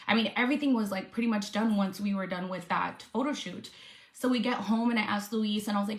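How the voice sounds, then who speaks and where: A woman's voice: medium pitch, quick pace. Woman influencer, storytime vlog, nervous and upset, roomy echo. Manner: upset, venting with swearing. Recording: echoey room.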